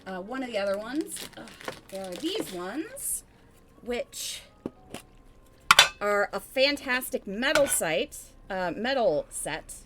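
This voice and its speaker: A woman's voice: mid-range voice, big pitch swings, slow pace, heavy background noise. A woman hosting a tabletop game stream, chatty and rambling as she reads announcements. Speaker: stream host.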